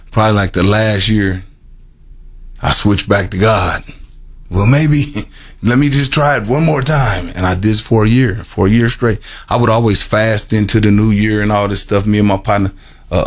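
A deep-voiced middle-aged man shares his story with a small group. He speaks earnestly and haltingly, repeating words and restarting phrases as he goes. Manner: halting, repetitive storytelling with many restarts and fillers; earnest and emotional, laughs at himself. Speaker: formerly incarcerated man telling his story. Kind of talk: personal testimony to a group.

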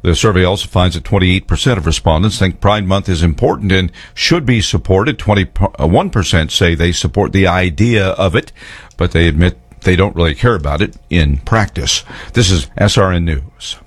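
Deep-voiced male news anchor. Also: slightly rough, no room sound. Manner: measured, formal reading. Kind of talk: radio newscast.

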